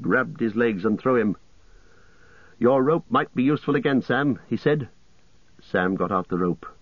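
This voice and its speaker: A man reading a story aloud as an audiobook narrator, calm and measured. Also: fairly low pitch, dry recording. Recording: dull lo-fi, dry.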